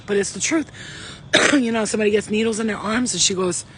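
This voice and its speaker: A man with a notably high-pitched voice talks straight to his viewers in a loose, rambling vlog. He swears freely and gets excitable, jumping from one story to the next. A faint hum of background noise sits under his voice. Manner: profane, rambling, excitable, talks in quick digressions. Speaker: spiritual channeler and vlogger. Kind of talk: casual rambling monologue.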